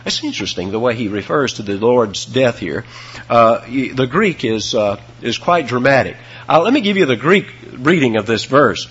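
A man preaching an expository sermon, emphatic, with dramatic swings in pitch and loudness, on a dull lo-fi recording. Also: very animated, normal speed, breathy edge.

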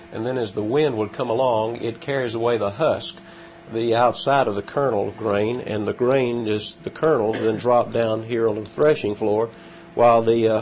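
A man giving an expository Bible lesson, explaining word meanings in a measured way with frequent pauses and fillers. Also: fairly low pitch, darkish tone, slight background noise. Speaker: Bible teacher. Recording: slightly dull lo-fi recording with faint ambience.

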